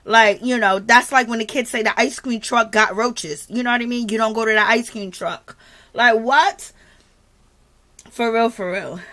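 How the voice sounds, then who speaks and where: Chatty gossiping woman, higher voice. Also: moderate pace, hardly any pauses, bright, forceful tone. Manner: chatty, gossipy, addresses viewers as girl. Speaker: commentary channel host. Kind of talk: casual recap chat reading viewer comments.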